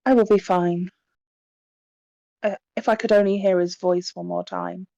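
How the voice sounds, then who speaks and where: A woman's voice: on the low side, fairly even intonation, gravelly, dark tone, no room sound, highs cut off. A woman voicing a grieving, formal mother. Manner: sorrowful, formal and halting. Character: grieving middle-aged mother hosting a séance.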